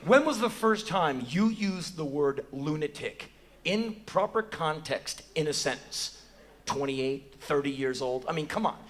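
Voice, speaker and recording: Profane, animated American man on stage. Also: unhurried. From United States. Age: 40s. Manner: animated, profane, acts out quotes in a high voice. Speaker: spoken word performer. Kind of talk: live spoken word storytelling. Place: theater stage before an audience.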